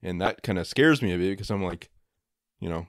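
Low-voiced rambling male podcast host. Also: a little fast, no echo, clean studio sound. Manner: rambling, hedging with many fillers. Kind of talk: casual podcast discussion.

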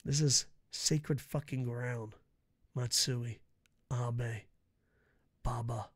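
A man giving a casual, profane wrestling preview rant, mocking and swinging between loud outbursts and low mutters. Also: fairly even intonation, a little slow. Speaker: wrestling vlogger.

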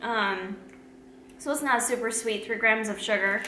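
A woman fitness vlogger chatting casually through a snack taste test, laughing often and filling pauses with "like" and "um". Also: a little high, bright, forceful tone. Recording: echoey room, faint background hum.

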